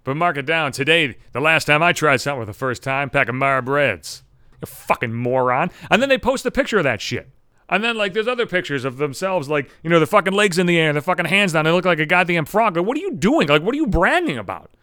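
A man's voice: fairly high pitch, expressive, quick pace, pushed and bright, clean tone, no echo, studio quality. A man hosting a podcast, delivering a sarcastic, heavily profane comedic rant. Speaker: podcast host.

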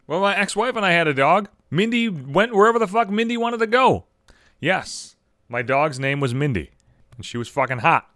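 Profane ranting man, wildly swinging pitch. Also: big pitch swings, normal speed, dry recording, clean studio sound. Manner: swears constantly, exasperated, jumps between high shouts and low mutters. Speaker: podcast host. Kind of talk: profane comedic rant.

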